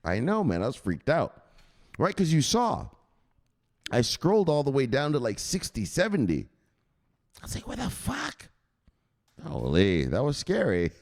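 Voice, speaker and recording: A man hosting a crypto news show as a casual livestream, hyped and profane, shouting out viewers. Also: medium pitch, wildly swooping pitch, normal speed. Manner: talks straight to viewers, gives shout-outs. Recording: echoey room with long reverb.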